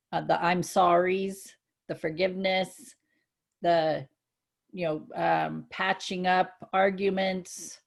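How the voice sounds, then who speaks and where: A woman co-hosting a casual spiritual chat, earnest and reflective, growing excited when she gives examples. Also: lowish voice, gravelly. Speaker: co-host.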